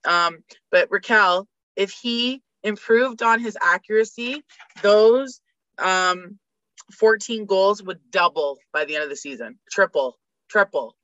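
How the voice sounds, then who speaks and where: A Canadian woman appears as a guest on a casual sports podcast, ranting with fired-up energy and rattling off statistics. Her mid-range voice is pushed and bright but unhurried, and the recording is dull, lo-fi, and dry with no echo.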